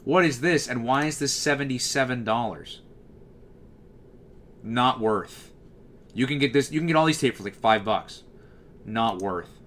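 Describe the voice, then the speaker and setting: A man with a low bass-baritone voice chats casually as a livestream host. His tone is bright and forward, at an ordinary pitch for a man. He talks freely and answers messages from chat as they come in. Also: unhurried, long pauses, a little hiss or hum.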